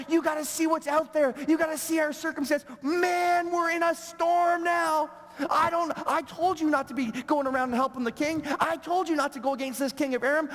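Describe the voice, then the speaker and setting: A man's voice: very high-pitched, fairly bright tone, big-room sound, pitched above the performer's own voice. A man voicing a panicked young servant who pleads frantically, in a sermon retelling.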